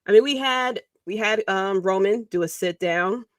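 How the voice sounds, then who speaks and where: A woman podcast host runs a casual livestream at normal speed, rambling in an animated way and letting out little chuckles as she goes. Her voice sits at a middle pitch, and the sound is dry and close with no room echo.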